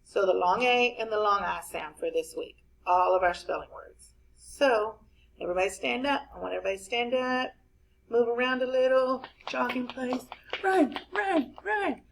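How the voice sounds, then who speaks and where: A woman teacher leading a spelling lesson for young children, spelling each word slowly letter by letter. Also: medium pitch, low-quality recording. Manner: slow, clear, spelling words out letter by letter.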